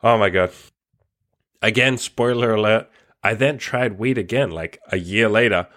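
Unhurried and on the low side, with a fairly bright tone, a man hosting a podcast rambles through a personal story. He curses a lot, laughs between lines, and keeps padding pauses with "like."

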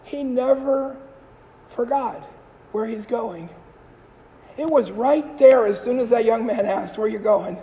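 A priest giving a storytelling homily, telling stories and trailing off softly at the ends of phrases. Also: male voice, very high-pitched, slow, pauses often, big-room sound, poor audio. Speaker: Catholic priest.

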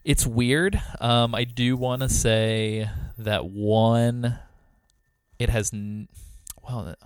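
A man talks casually on a podcast about leaving it, pausing and hesitating as emotion creeps in. The recording is dry, with no room sound. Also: medium pitch, steady tone, clean tone, no echo. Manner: reflective, a little emotional, hesitant. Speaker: departing podcast co-host. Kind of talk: casual chat.

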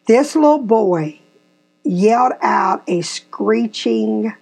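A woman's voice: a little high, slow pace, vocal fry. A woman, hosting a podcast and animatedly telling a family story. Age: 50s. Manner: animated storyteller, acts out quotes. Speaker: podcast host. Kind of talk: casual storytelling chat.

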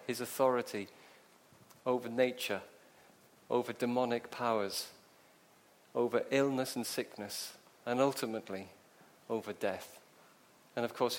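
A man preaching a sermon, telling the story vividly and asking rhetorical questions. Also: mid-range voice.

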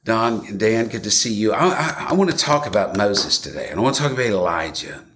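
A man's voice: lowish voice, animated, fairly quick, fairly bright tone. A man preaching a sermon in an earnest, conversational way to his congregation. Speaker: pastor.

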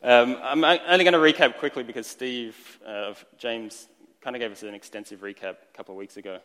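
A man preaches to his congregation in a chatty, easygoing manner, slipping in small jokes and restarting phrases as he goes. His voice sits at an ordinary middle pitch. The sound rings with the long reverb of a large church hall. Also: steady tone, a little fast, fairly bright tone. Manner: conversational, lightly joking, with restarts. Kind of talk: sermon.

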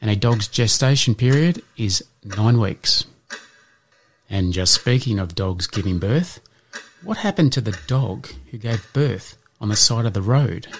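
A man hosting an educational podcast, reading out answers in a measured way and slipping in dad jokes. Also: on the low side, lively intonation, a little hiss or hum. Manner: measured, spells things out, slips in dad jokes. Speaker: podcast host.

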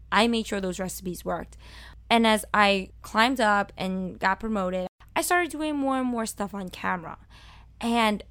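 A woman in her thirties from Brooklyn with a Brooklyn accent, a talkative and loud food host telling her own story in a personal monologue. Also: medium pitch, gravelly, no echo. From Brooklyn, New York. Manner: talkative and loud, fast and emphatic. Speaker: food video host and cook.

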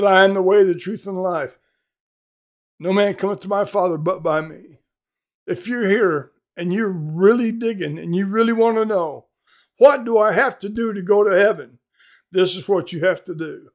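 An older man preaching with a high-pitched voice. He is fervent and emphatic, and speaks plainly straight into a webcam. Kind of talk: evangelistic sermon.

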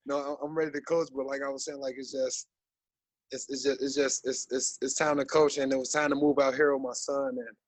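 A man in his thirties, a basketball coach guest on a podcast, talking in an animated, rambling way with many fillers. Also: medium pitch, brisk, no room sound, poor audio. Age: 30s. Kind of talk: casual podcast interview.

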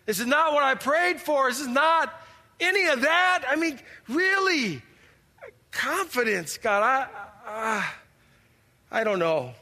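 A man acts out a church skit as a stressed churchgoer pleading with God, exasperated and tripping over his words. His heavily acted voice is extremely high and bright with a forceful tone, big pitch swings and a slow pace, all in a reverberant hall.

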